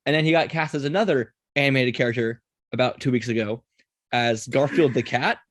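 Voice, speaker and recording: A man's voice: medium pitch, no echo. A man hosting a podcast, chatty and running the segments in casual talk. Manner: quick, chatty, runs the segments. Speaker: podcast host. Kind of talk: casual chat.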